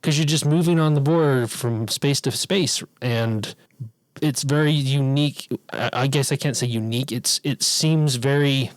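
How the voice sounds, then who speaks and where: A man's voice: mid-range voice, unhurried, dry recording, low-quality recording. Chatty podcast guy talking board games, laughs a lot, dry close sound. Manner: chatty, laughs often, restarts sentences. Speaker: podcast co-host. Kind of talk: casual chat about board games.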